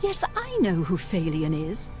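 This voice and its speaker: Gossipy middle-aged innkeeper, lively delivery, game music behind. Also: female voice, on the low side, measured pace. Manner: chatty, confiding, disapproving. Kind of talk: game character dialogue.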